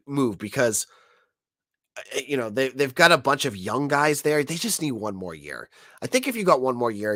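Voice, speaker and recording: A man with a medium-pitched, sick and nasal voice hosts a sports podcast in clean studio sound with no room sound. He chats casually and lively, speaking straight to his audience and restarting sentences often.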